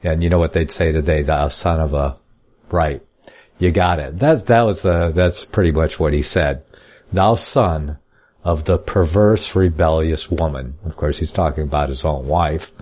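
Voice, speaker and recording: A man's voice: very deep voice, normal speed, darkish tone. A man leading a Bible study, reading old-style scripture aloud and breaking off into plainspoken, folksy commentary. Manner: reads scripture in King James style then comments casually. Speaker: Bible teacher.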